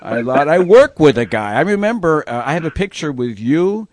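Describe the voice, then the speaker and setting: A man hosting a radio show, chatting about show business in an animated way and laughing often. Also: fairly high pitch, moderate pace. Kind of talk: casual showbiz chat.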